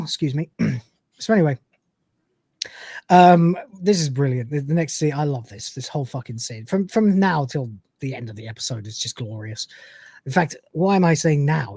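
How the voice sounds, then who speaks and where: A man's voice: fairly high pitch, animated, moderate pace, darkish tone, husky, dry recording. A man hosting a live show, chatting casually and animatedly as he retells scenes and quotes the characters. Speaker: podcast host. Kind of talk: casual chat recapping an episode.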